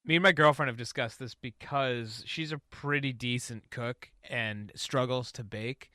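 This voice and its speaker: Give me a bright-toned man rambling loosely through a casual podcast chat, dry sound. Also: mid-range voice, a little slow, no room sound. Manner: rambling, hesitant, laughs easily. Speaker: podcast co-host.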